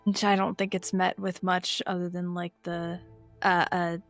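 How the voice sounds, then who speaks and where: A woman's voice: fairly low pitch, level tone, normal speed, faint music behind. Thoughtful woman playing a tabletop game. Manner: thoughtful, explains her character. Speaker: player. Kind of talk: casual tabletop play.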